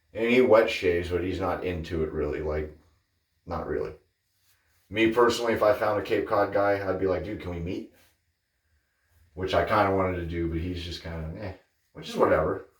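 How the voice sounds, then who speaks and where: Casting note: low-pitched male vlogger, chatty and digressive, recorded from a distance in an echoey bathroom. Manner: chatty, digressive, animated when telling stories. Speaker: wet shaving channel host. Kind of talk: casual rambling chat. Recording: roomy sound from off-mic.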